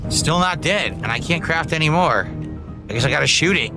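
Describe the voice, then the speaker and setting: A high-pitched male gamer keeps swearing and complaining, and his voice leaps up and down as he loses patience with the game. Music plays clearly behind him. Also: lively intonation, a little fast. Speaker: gamer in a played video. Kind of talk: frustrated gameplay commentary.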